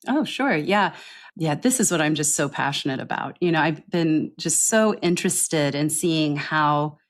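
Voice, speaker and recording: A woman in a podcast interview who explains accent coaching in an earnest, thorough way. Her voice sits fairly low for a woman, and she keeps tagging her points with a quick "right?". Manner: explanatory, earnest, often adds a questioning "right?".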